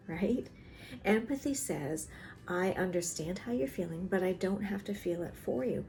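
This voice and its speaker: A woman therapist calmly explaining emotional boundaries, acting out small everyday conversations as she teaches. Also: mid-range voice, moderate pace, faint music behind. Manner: gentle and explanatory, acts out little dialogues. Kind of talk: teaching talk to camera. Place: in South Carolina.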